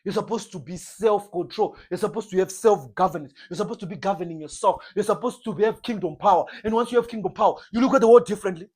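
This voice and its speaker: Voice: mid-range voice, quick pace, hardly any pauses, a little mellow, husky. A preacher giving an informal sermon in an emphatic, repetitive style, often acting out short comic exchanges. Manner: emphatic, repetitive, uses comic role-play.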